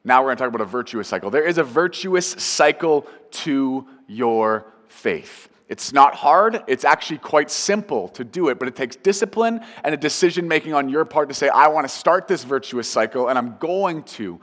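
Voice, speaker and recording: A man's voice: mid-range voice, expressive, normal speed, hardly any pauses, fairly bright tone, in a large hall. A man, a pastor, preaching a sermon earnestly and building emphasis with repeated phrases.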